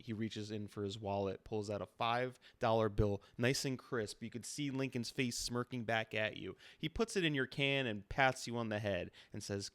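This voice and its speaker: A man's voice: fairly low pitch, moderate pace, hardly any pauses, a bit bright, dry recording. A man running a tabletop role-play as game master, narrating in a laid-back, matter-of-fact way.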